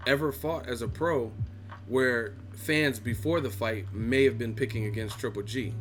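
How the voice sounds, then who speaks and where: A man's voice: mid-range voice, normal speed, faint music behind. A man hosting a boxing live-stream chat, ranting and mocking viewers with lots of swearing. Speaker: boxing channel host.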